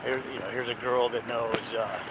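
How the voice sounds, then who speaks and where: A man's voice: mid-range voice, steady tone, fairly quick, dull audio. A man chatting casually for his vlog while out on the street, rambling with lots of fillers and chuckles. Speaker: vlogger. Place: outdoors on city streets. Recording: loud outdoor street noise. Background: loud traffic and street noise.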